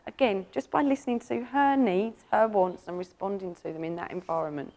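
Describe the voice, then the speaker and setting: An animal communicator, giving a lively, enthusiastic presentation and telling stories about pets to an audience. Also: female voice, a little fast. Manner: animated, enthusiastic storytelling with sudden jumps up in pitch.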